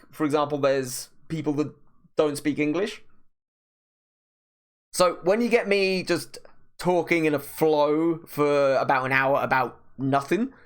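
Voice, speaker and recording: A man streaming his artwork, chatting casually and talking slowly with deliberate pauses. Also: a little high. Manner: rambling, many restarts. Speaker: art streamer. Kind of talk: casual chat while painting on stream.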